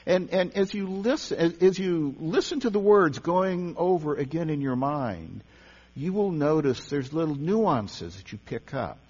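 A man preaches in a casual, conversational way, his voice rising and falling with lively pitch. He often repeats and restarts his words. The sound is dull and lo-fi, with a long hall reverb and a faint electrical hum. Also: measured pace, husky. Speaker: pastor or teacher leading a service. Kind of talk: sermon on meditation.

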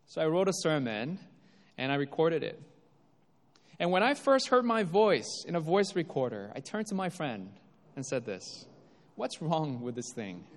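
Male pastor, lively swinging pitch, fairly high voice, emphatic sermon, long hall reverb. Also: normal speed. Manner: emphatic, rises and drops for effect.

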